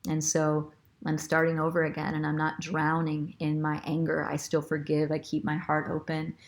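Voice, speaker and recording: A woman's voice: deep voice, monotone, moderate pace. A woman hosting a spiritual show, telling a personal story in an earnest, reflective way with fillers and restarts. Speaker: spiritual guide and host.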